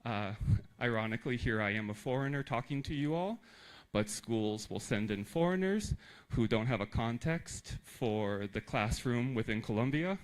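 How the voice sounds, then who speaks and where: A man from the United States giving a conference talk to teachers in a lively, emphatic way with joking asides. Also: mid-range voice, moderate pace, low-quality recording. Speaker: teacher trainer.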